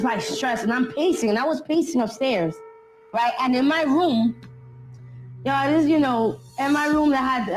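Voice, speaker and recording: Speaking in a slightly high voice on a low-quality recording, a documentary interviewee tells what happened in casual, blunt street slang. She plays out other people's words as she goes.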